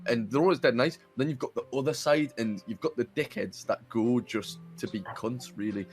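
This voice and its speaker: A man's voice: mid-range voice, fairly even intonation, moderate pace, faint music behind. A young man from northern England hosting a podcast, chatting casually, sweary and laughing through his stories. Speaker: podcast host. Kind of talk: casual chat.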